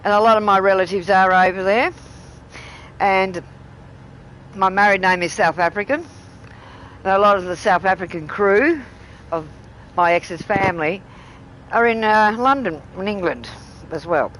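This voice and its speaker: A woman's voice: medium pitch, normal speed, long pauses, fairly bright tone, slight background noise, low-quality recording. A middle-aged woman with a broad Australian accent chats loosely with her live-stream viewers. She rambles from story to story and keeps breaking into laughter. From Tasmania, Australia. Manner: chatty, rambling, laughs often. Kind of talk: casual live-stream chat.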